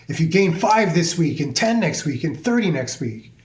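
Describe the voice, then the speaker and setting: A man's voice: a little high, sing-song, normal speed, a little mellow, slight background noise. A man, a hairstylist guest on a podcast, talking in an intense, emphatic way and swearing freely. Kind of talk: podcast conversation. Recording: roomy echo.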